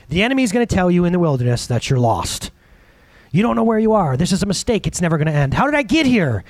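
A man in his thirties preaching a sermon, animated, jumping between loud peaks and quiet, hushed asides. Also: fairly high pitch, no echo. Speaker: pastor.

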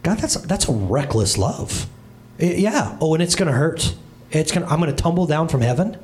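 A man in his thirties preaches from a church stage with a high, bright-sounding voice. His pitch leaps and swoops as he tells stories, dropping into comic voices and quick asides. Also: very animated. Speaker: pastor. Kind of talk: humorous sermon.

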